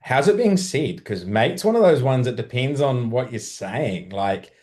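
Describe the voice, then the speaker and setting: A man hosting a podcast, explaining things plainly in a relaxed casual chat. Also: mid-range voice, unhurried. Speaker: podcast host.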